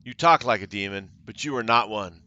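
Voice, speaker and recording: A man's voice: lowish voice, brisk, sharp tone, muffled recording. A man reading the lines of a stern crusader commander in a video game, with an accusing tone.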